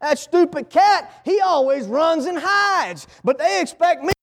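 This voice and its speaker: A man's voice: very high voice, animated, measured pace, long reverb tail, heavily acted. A man voicing a moping male guard dog who grumbles about always having to chase off intruders. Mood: grumbling. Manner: grumbling, mopey.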